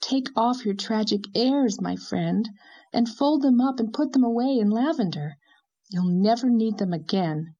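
A woman's voice: mid-range voice, darkish tone, lightly acted. Woman doing a teasing young wife, bossy. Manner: teasing, brisk, playfully bossy. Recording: dull lo-fi recording.

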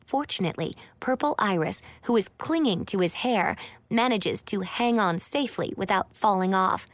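A woman's voice: medium pitch, lively intonation, moderate pace, no echo. Woman reading a chatty first-person audiobook, wry, dead dry close mic. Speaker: audiobook narrator.

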